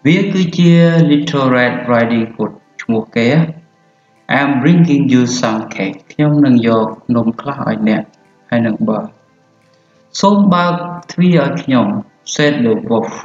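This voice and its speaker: A man's voice: mid-range voice, darkish tone. A man from Cambodia with a Khmer accent teaching English, explaining words and switching languages. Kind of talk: bilingual language lesson. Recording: roomy, muffled with faint music.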